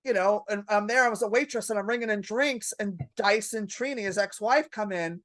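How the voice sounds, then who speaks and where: A woman comedian, a podcast guest, telling stories in a lively, profane way and acting out her own panic. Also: mid-range voice, a little fast, no room sound, clean studio sound. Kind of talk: casual podcast storytelling.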